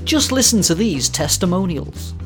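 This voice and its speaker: A man putting on a cheesy radio ad announcer with a bright, salesy pitch. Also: very animated, moderate pace, over music.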